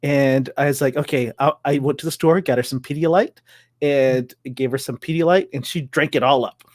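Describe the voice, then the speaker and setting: A man's voice: medium pitch, fairly even intonation, brisk, no room sound. A man co-hosting a casual chat show, telling a family story in an easygoing way and chuckling along. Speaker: co-host.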